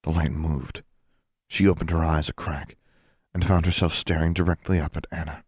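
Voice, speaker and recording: Low, husky male audiobook narrator. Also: level tone, moderate pace, no room sound, studio quality.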